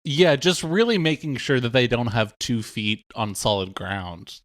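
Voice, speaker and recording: A man's voice: medium pitch, a little slow, fairly bright tone, no echo, studio quality. A man co-hosting a comedy podcast, playfully egging on the bit with mock questions. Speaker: podcast co-host. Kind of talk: improvised comedy chat.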